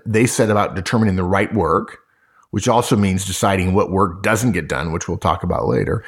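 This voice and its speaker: A man with a low, slightly husky voice explains how managers should handle a big workload. He talks emphatically and repeats his key points to drive them home. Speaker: co-host.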